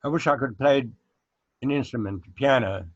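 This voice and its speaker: An older man from South Africa, a guest chatting casually in an interview, unhurried and reminiscing, with frequent hesitant fillers. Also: medium pitch, dry recording. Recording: dull lo-fi recording.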